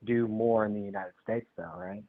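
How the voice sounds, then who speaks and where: A man calling in to a political debate, hesitant and halting, often restarting his sentences. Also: on the low side, level tone, creaky. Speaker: guest in political conversation. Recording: tinny phone line.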